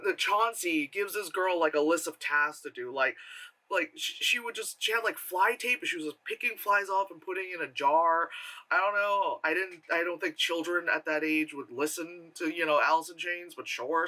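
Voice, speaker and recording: A man's voice: fairly high pitch, sharp tone. A man giving a casual, rambling film review with sarcastic asides and lots of fillers. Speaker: movie reviewer.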